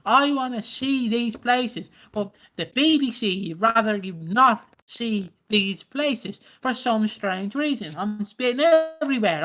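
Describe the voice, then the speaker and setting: A man's voice: sits high, measured pace, few pauses, sharp tone, soft background music. A man co-hosting a podcast, ranting in casual chat with plenty of swearing and mocking put-on voices. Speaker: podcast co-host.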